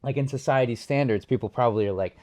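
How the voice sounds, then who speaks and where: A young man co-hosting a casual movie review podcast, relaxed and laughing often as he quotes lines. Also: mid-range voice, fast talker. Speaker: podcast co-host.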